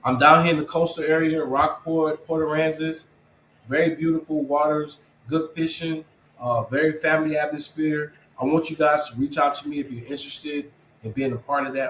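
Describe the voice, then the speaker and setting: A man with a slightly high voice talks earnestly in an interview, urging listeners like a preacher and calling them bro. His voice bounces around an echoey room, with a faint hum of ambience behind him. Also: little pitch movement, brisk, a bit bright. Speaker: interview guest, program founder. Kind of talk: casual interview talk.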